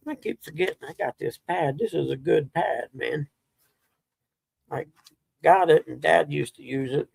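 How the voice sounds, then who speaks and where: A man's voice: medium pitch, animated, measured pace, long pauses, dry recording. A middle-aged man, telling rambling stories as a livestream host in casual chat. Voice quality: gravelly, husky. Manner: rambling, laid-back storytelling.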